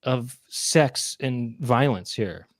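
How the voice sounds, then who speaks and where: A man's voice: mid-range voice, extremely slow, no echo, clean studio sound. A man co-hosting a casual online chat show, reacting to a video with jokes and frequent laughter. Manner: laughing, joking, playfully arguing. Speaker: co-host.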